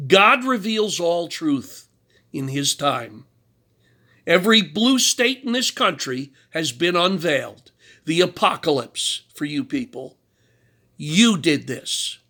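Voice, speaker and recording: A man's voice: on the high side, sing-song, slow, pushed and bright. A man giving a combative, mocking political rant, lecturing his target about sin. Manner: preachy, invokes God and sin. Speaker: political commentator. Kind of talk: ranting commentary.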